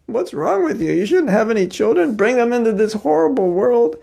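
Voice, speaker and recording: A man's voice: big pitch swings, brisk, creaky, dark tone, exaggerated voice. A man voicing an overwrought, gloomy devotee who wails melodramatically about a newborn's fate. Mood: dramatic lament. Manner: shrill, melodramatic wailing.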